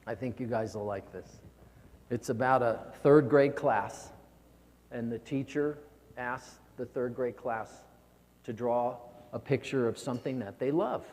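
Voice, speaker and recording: A keynote speaker with a medium-pitched, slightly mellow voice delivers a motivational speech in a hall with long reverb. He is earnest and tends to repeat words when stirred.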